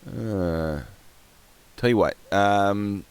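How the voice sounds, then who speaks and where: A young man giving casual live-stream commentary, chatty and quick to laugh, often trailing off while he clicks around. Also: on the low side, smooth. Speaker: streamer reacting to videos and chat.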